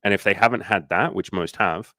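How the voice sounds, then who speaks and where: A man's voice: low-pitched, a little fast, sharp tone, no room sound. A man talking as a dating coach in a casual livestream chat. He swears freely, speaks candidly, and acts out the people he quotes in exaggerated voices.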